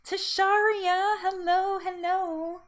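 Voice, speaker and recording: A woman's voice: very high-pitched, flat delivery, slow pace. A young woman hosting a casual live-stream chat, greeting viewers and laughing often in an upbeat way. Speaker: host of a live weight loss support chat.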